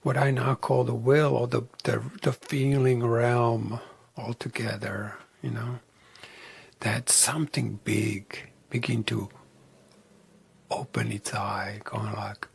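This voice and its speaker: A man talking reflectively as an interview guest, soft-spoken and often dropping into a whisper. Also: medium pitch, little pitch movement, slow pace, vocal fry, slightly rough.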